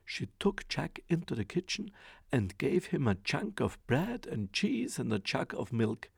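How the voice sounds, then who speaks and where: Man storyteller for a fairy tale: slow, very gravelly, lively pitch, dry close sound. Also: no room sound. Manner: expressive, rhythmic storytelling.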